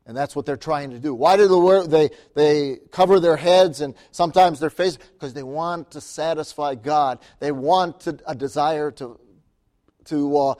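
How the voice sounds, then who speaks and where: A man's voice: fairly high pitch, normal speed, a little mellow. A man preaching as a missionary, telling stories in a sermon, laughing often and calling out for amens. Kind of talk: sermon storytelling.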